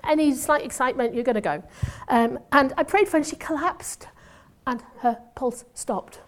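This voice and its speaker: This high-pitched woman speaks at a normal pace. She's in her 50s, a former nurse now speaking at church, and her testimony sermon is chatty and self-deprecating, with frequent asides.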